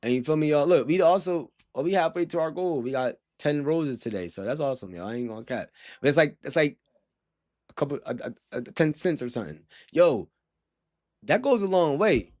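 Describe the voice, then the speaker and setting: A young man with a fairly high-pitched voice holds a loose, rambling conversation with his livestream chat. He talks in heavy slang, breaks into laughs often, and jumps from one thought to the next. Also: expressive, brisk, a little mellow.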